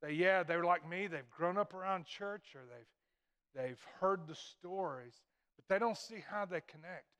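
Middle-aged male pastor with a high voice, emphatic sermon delivery that repeats key phrases. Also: a little slow, fairly bright tone.

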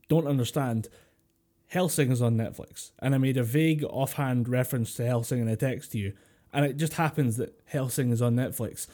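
A man's voice: medium pitch, mellow. A Scottish man co-hosting a podcast, telling jokey stories with swearing and fillers over a voice chat call. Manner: swearing, joking storyteller with many fillers. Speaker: podcast co-host. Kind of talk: casual chat. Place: home, remote voice call. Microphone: computer mic over a voice chat call.

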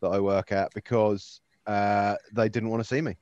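A man on a podcast speaks hesitantly, with fillers, in a casual chat. His voice sits at a middle pitch, recorded dry, with a slightly dull, muffled tone. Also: flat delivery, normal speed, a little mellow, no room sound.

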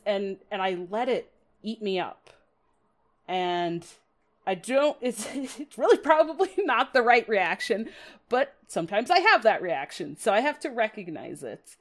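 A woman's voice: medium pitch, sing-song, measured pace. A woman hosting a podcast, chatting casually and laughing at herself. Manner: chatty, self-deprecating, laughs often, dramatic quoted asides. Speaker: podcast host. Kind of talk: casual podcast talk about card game strategy.

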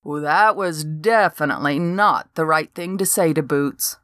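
A woman's voice: low voice, a little slow, fairly bright tone, no room sound. An older woman reading a first-person story aloud with dry, wry humor. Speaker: narrator.

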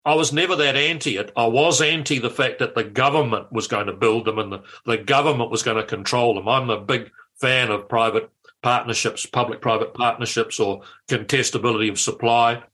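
An older man, a former politician telling anecdotes in a lively way, with frequent restarts. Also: mid-range voice, brisk. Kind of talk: anecdotal storytelling.

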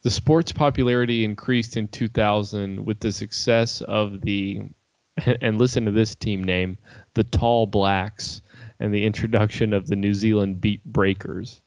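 Gravelly low-voiced young man chatting. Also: steady tone, a little slow, darkish tone, no echo. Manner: laid-back, swearing, laughing easily. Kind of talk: casual chat.

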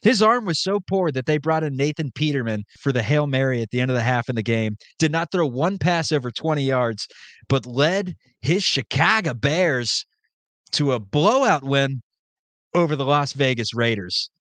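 A man co-hosting a casual sports podcast, talking in an animated, joking way with quick asides. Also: medium pitch, no room sound. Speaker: podcast co-host.

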